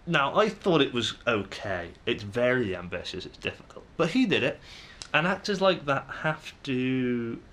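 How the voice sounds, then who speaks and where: A man's voice: medium pitch, animated, moderate pace, few pauses, a bit bright. A young man with a Manchester English accent, musing aloud to camera in a casual vlog, hesitant and full of ums and restarts. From England. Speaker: vlogger.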